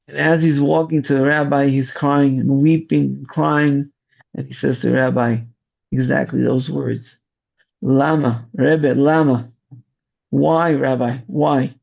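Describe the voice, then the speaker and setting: Slow, gravelly-voiced man giving testimony. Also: medium pitch, warm tone. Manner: slow, searching storytelling with restarts. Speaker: search and rescue volunteer commander. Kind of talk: interview testimony. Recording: dull lo-fi audio.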